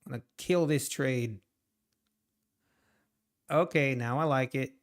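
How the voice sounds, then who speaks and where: A man's voice: medium pitch, slow pace. A man streaming his trading live, talking to the chart and chatting with viewers between laughs.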